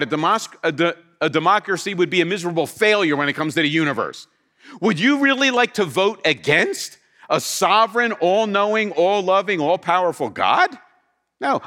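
Animated high-voiced male preacher. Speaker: pastor. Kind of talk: sermon. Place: church with slides.

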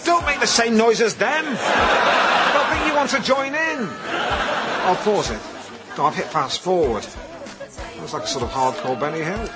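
A man's voice: high voice, animated, measured pace, long pauses, over loud music. An actor playing an awkward, panicky man who stammers and splutters in exasperation. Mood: flustered. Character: flustered awkward British man host.

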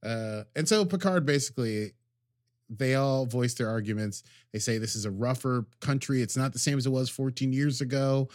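A man of middling pitch chats through a show recap, rambling and cracking jokes as he mimics the characters. The sound is dry and close, with little room around it. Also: normal speed, a little mellow, dry recording. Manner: rambling, jokey, acts out characters' lines. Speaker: podcast co-host. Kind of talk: casual recap chat.

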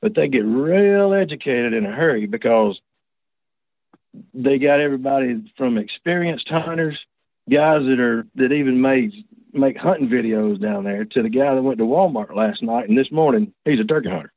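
A man's voice: medium pitch, moderate pace, no echo. A man tells a personal story in a casual, folksy, rambling way, full of restarts and asides. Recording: tinny dry phone line.

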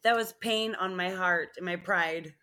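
Speaking at a measured pace in a fairly low pitch, a woman co-hosts a podcast. She laughs frequently while animatedly recounting funny stories during a casual chat.

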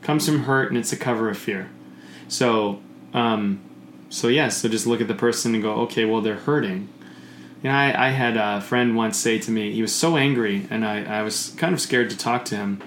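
A man talking in casual conversation, rambling and animated, often swearing and acting out the voices he quotes. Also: fairly low pitch, normal speed. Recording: echoey room with faint noise.

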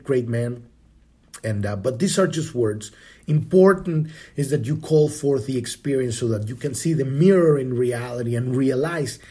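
The speaker is a man whose fairly high voice carries a darkish tone as he hosts a spiritual podcast. His talk is loose and casual, peppered with swearing and frequent restarts.

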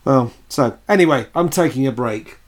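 A man co-hosting a podcast in casual chat, relaxed and chatty, laughing easily as he tells stories about acting. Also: mid-range voice, normal speed. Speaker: podcast co-host and actor.

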